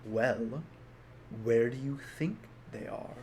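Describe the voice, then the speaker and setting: A man's voice: medium pitch, takes it slowly, a little mellow, slight background noise, natural voice. A man doing a dry, sardonic cat.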